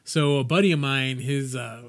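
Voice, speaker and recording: A middle-aged podcast co-host tells stories with profane excitement in a mid-range voice. His pace runs ahead when he gets worked up. The recording is dry and close to the mic. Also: medium pitch, normal speed, no room sound. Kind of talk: casual chat.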